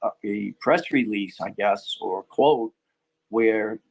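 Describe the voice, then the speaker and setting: A man's voice: on the low side, slow, gravelly, poor audio. A man speaking as a guest in a casual podcast discussion, hesitant, with many ums and restarts.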